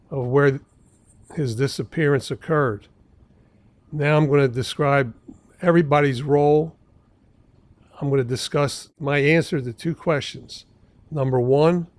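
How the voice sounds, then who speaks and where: A man in his seventies, a trial lawyer hosting his own podcast, telling stories from his cases in a measured, deliberate way. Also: fairly high pitch, dry recording. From Philadelphia area. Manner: measured, deliberate storytelling with asides. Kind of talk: storytelling podcast monologue.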